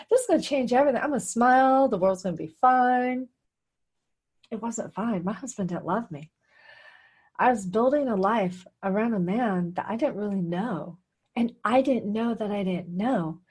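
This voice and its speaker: A woman's voice: on the high side, a little mellow, breathy edge. A middle-aged woman hosting a radio show, telling her own life story in a candid, confessional way and often laughing. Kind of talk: personal storytelling monologue.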